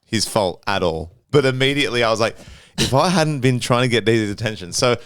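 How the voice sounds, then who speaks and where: A young man telling a story in casual podcast chat, swearing freely and acting out the shouting. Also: medium pitch, a little fast, smooth. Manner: animated storyteller, swears a lot, acts out shouting. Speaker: podcast host.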